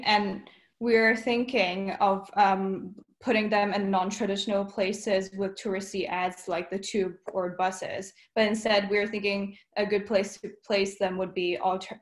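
A female student presenting a campaign pitch on a video call, upbeat with many fillers. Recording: echoey room on a video call.

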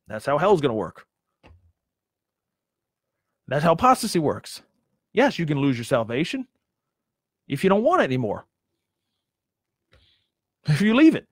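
A man delivers a sermon in a fairly high voice, pressing his point with repeated rhetorical questions. The sound is dry and close, with no room echo. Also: sing-song, moderate pace, pauses often. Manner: emphatic, repeats himself, asks the listeners rhetorical questions. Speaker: preacher.

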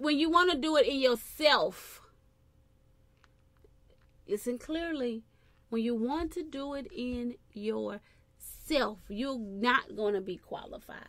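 A woman preaching a sermon, constantly breaking in with short praise phrases and dropping to soft murmurs between points. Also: fairly high pitch, dry recording.

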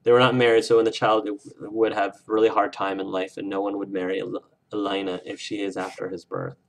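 Male game streamer, lowish voice, casual and effusive, wears his feelings on his sleeve. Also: little pitch movement, brisk, gravelly. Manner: effusive and emotional, gushing about the game. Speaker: let's play streamer. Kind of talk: casual livestream chat with viewers.

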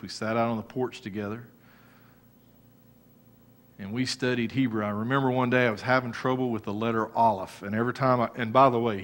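Storytelling pastor, middle-aged man. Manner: storytelling, animated with sudden loud rises and soft low passages. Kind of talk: sermon.

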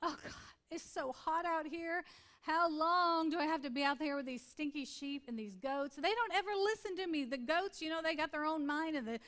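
A woman's voice: high-pitched, moderate pace, a bit bright. A woman preacher voicing a young shepherd man who complains impatiently about his sheep and the weather. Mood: grumbling. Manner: complaining, exasperated.

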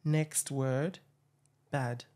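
A woman interviewer asking questions and running a word game, softly encouraging her guest. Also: rumbling low, steady tone, drawn-out words. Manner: soft, encouraging backchannels.

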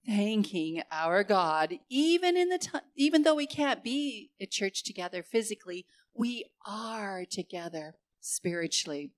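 Older woman pastor preaching. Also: medium pitch. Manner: warm, repeats phrases for emphasis. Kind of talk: sermon.

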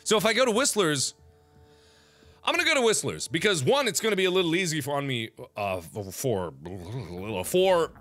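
A man giving let's play commentary on a video game, swinging between loud outbursts and mumbled planning. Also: a little high, sing-song, moderate pace. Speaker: gaming video host. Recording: game music clearly audible behind. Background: game music.

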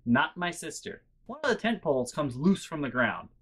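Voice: mid-range voice, very animated, normal speed, a bit bright, slightly rough. A vlogger tells a casual story at home in a mid-range voice. They ramble, lean on fillers, swear freely, and sound incredulous throughout. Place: bedroom at home.

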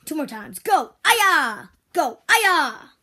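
A woman voicing a strict female toy karate teacher in make-believe play, switching between loud drill shouts and whispers. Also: fairly high pitch, animated, slow pace, exaggerated voice. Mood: bossy.

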